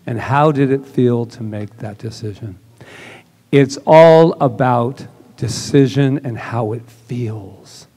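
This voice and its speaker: A man's voice: mid-range voice, mellow. Man preaching a chatty, storytelling sermon. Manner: casual and chatty, acts out quoted dialogue. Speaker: minister. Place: church service.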